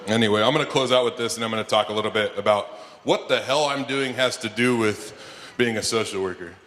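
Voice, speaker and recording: Man doing stand-up in a reverberant hall. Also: fast. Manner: animated, jumps into high-pitched shouted bits when acting out scenes. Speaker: stand-up comedian and keynote speaker. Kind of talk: stand-up comedy storytelling. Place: conference hall before a live audience. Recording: long hall reverb, faint room noise.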